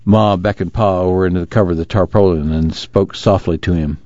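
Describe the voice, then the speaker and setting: A man reading a novel aloud in calm, steady narration. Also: deep voice, fairly quick, no room sound, dull audio. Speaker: audiobook narrator. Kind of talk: scripted narration.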